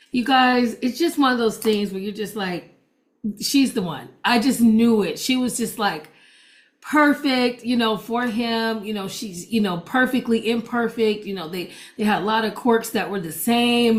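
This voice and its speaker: A woman preacher and gospel DJ telling a personal testimony to an audience, chatty, acting out the dialogue. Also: mid-range voice. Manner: chatty storytelling that acts out quoted dialogue.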